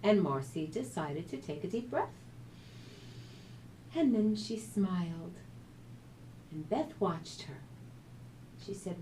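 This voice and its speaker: Expressive woman reading a family story. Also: lowish voice, slow pace, pauses often, a little hiss or hum, poor audio. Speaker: author and radio host.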